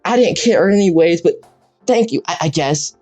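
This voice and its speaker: A man voicing a flustered, defensive tsundere girlfriend who stammers in a high, sheepish voice. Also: animated, moderate pace, darkish tone, husky, faint music behind. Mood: grudging. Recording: dull lo-fi mic.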